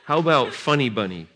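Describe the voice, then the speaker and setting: A male revival preacher with a bright, forceful tone and a very lively pitch that leaps around. He talks slowly and deliberately, then erupts in shouts and laughter, speaking gently to the children he prays over in a church. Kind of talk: revival service ministry. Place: church sanctuary.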